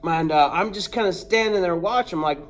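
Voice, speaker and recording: This storyteller's voice sits high and moves briskly, with a faint hiss or hum in the recording. Recounting a comic episode of his own, he plays out the voices and noises with lively energy and keeps the suspense climbing.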